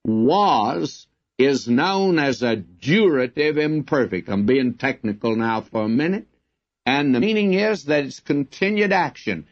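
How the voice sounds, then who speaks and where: A man's voice: medium pitch, expressive. A man teaching from the Bible in an earnest, emphatic way, like a radio Bible broadcast. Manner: earnest, emphatic, slow and deliberate. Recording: dull lo-fi recording.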